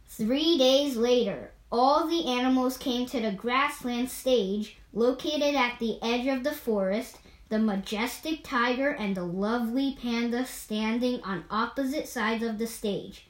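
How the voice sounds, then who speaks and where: A woman reads an animal fable aloud at a steady, measured pace. Her voice sits fairly high. The recording is roomy, with a clear echo. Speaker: storyteller.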